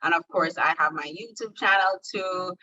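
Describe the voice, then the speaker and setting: Chatty woman from jamaica, lowish bright voice, kinda distant and muffled like a video call. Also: moderate pace. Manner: chatty, animated storyteller. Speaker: confidence coach and plus-size model. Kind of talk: casual interview chat.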